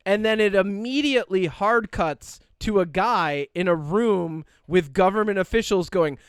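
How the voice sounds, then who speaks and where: A podcast co-host rambles animatedly in casual chat, full of fillers and quoted asides. His voice is high-pitched, smooth and a little slow, captured in a dry, clean studio recording.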